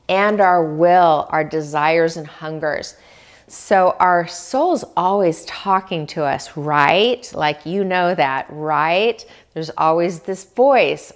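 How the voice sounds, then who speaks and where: Slow, gentle woman giving wellness tips. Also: lowish voice. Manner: slow, gentle, asks the listener questions. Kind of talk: reflective self-help talk.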